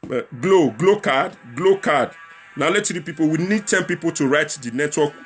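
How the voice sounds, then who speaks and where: A man's voice: fairly high pitch, expressive, normal speed. A young man with a Nigerian accent hosting a casual livestream talk show, chatting and repeating himself as he appeals to viewers and slips into Pidgin. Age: young adult.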